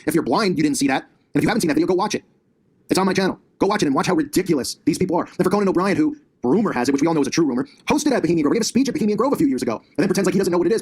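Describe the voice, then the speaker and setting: Recording on a laptop in his home basement, a man hosting his own conspiracy commentary channel rants combatively and sarcastically. His voice sits high, with a darkish, husky tone.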